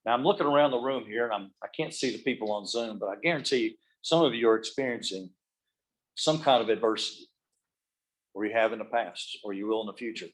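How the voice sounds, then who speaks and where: A middle-aged man with a somewhat low voice gives a motivational speech in a meeting room. He tells workplace stories in an easy, storytelling way. He drops his voice low and soft when he wants a point to land. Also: quick pace, rough recording. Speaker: motivational speaker. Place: meeting room with live and video-call audience.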